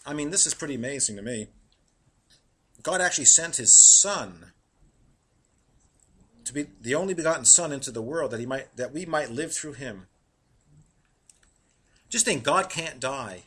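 Husky, bright-voiced male preacher. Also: medium pitch. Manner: animated, laughing at his own jokes, slowing to read verses. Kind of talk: sermon.

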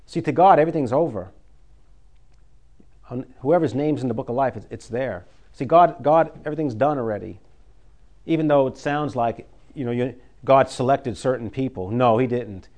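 A man's voice: medium pitch, moderate pace, darkish tone. A man preaching a sermon, folksy and conversational, reading scripture and pressing his listeners with urgent emphasis.

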